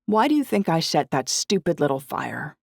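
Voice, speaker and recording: A woman voicing a quick-tempered teenage girl who pleads and snaps in an audiobook. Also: sits low, sing-song, vocal fry, a little mellow, dry recording, clean studio sound, pitched above the performer's own voice, exaggerated voice. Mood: pleading. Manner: defensive, pleading.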